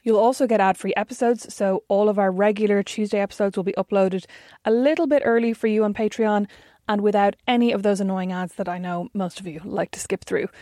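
An Irish woman in her thirties hosting a podcast in easy, chatty talk, poking fun at herself as she goes. Her voice sits at an ordinary middle pitch and sounds close and dry, with no room around it. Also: fairly even intonation, fairly quick, hardly any pauses, mellow, no room sound. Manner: chatty and self-mocking. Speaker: podcast co-host. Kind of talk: casual chat.

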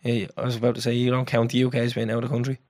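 A young Irish man, co-hosting a podcast with quick, teasing banter. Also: medium pitch, monotone, a little mellow, no echo, clean studio sound. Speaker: podcast co-host. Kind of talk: casual chat.

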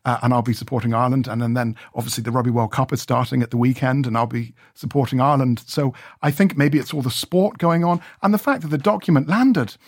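A man's voice: mid-range voice, quick pace, few pauses, dry recording. A man being interviewed in a radio studio, chatting in a rambling way with many restarts. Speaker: radio reporter.

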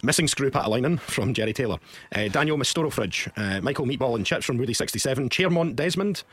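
A man's voice: medium pitch, animated, fast, fairly bright tone, slightly rough, no room sound. A man co-hosting a football podcast in casual chat, teasing and reading out listener jokes. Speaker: podcast co-host.

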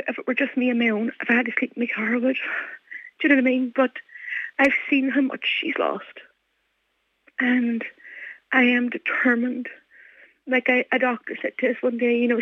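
A middle-aged woman with a Donegal Irish accent, speaking earnestly with halting restarts as an interview guest. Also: a little high, no room sound. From Ireland. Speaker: guest, mother. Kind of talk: emotional phone interview. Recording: dry tinny phone line.

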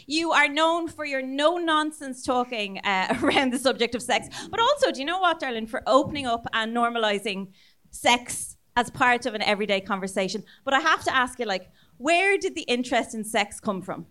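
A woman's voice: a little high, lively intonation, moderate pace, fairly bright tone. An Irish woman co-hosting a live podcast show, bubbly and gushing and whooping to the audience. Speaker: podcast co-host. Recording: live venue with clear background noise.

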